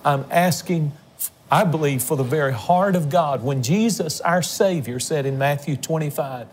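A man's voice: on the high side, normal speed. A man hosting a religious television program, making an earnest, emotional fundraising appeal to viewers. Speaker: television ministry host. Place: on location.

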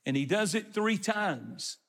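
Slow-preaching man in a reverberant hall. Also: high voice, expressive, vocal fry, fairly bright tone. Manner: retells scripture and explains it in plain words. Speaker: pastor. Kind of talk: sermon.

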